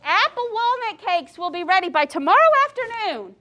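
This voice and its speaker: A woman's voice: very high voice, sing-song, normal speed, sharp tone, pitched above the performer's own voice, heavily acted. A woman voicing a smug, know-it-all tortoise in a storybook read-aloud. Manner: smug and correcting.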